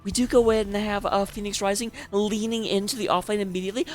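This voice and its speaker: A woman's voice: medium pitch, steady tone, fast talker, darkish tone, soft background music. A woman casting a live esports match as its host, chatty and playful, joking between the picks. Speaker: esports caster.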